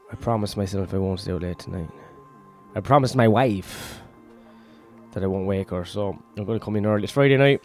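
Worn out and run-down, a comedian rambles through his solo podcast with crude, self-deprecating humor and nonstop swearing. His voice is lowish with a darkish tone.

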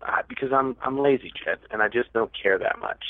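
A man's voice: medium pitch, fairly quick, dry recording. A man telling a long story as a podcast guest, rambling and mocking himself. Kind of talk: casual storytelling. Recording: tinny, dry phone-like line.

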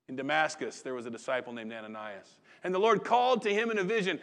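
A man's voice: on the high side, fairly quick, fairly bright tone. A pastor preaching a sermon in a folksy, conversational way, acting out the quotes he reads.

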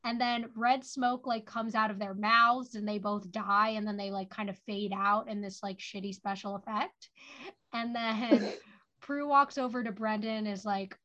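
On the high side and steady in tone, this woman's voice is pushed and bright at a moderate pace. She co-hosts a podcast and casually recaps a TV episode, filling her talk with "like," in flat, low-quality audio.

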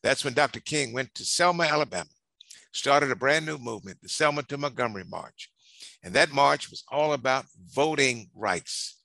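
An older man delivers a history speech in an oratorical, preacher-like rhythm, climbing and slowing down to stress key lines. His voice is bright and forward. The sound is dry and close. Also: medium pitch, expressive, gravelly, dry recording. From North Carolina. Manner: preacherly, swells and slows for emphasis. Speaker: congressman giving a speech.

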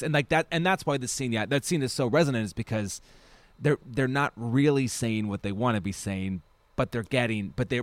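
A man's voice: mid-range voice, no echo. A man co-hosting a podcast, chatting casually about a film in a rambling, enthusiastic way with many restarts. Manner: rambling, self-correcting, enthusiastic. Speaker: podcast co-host.

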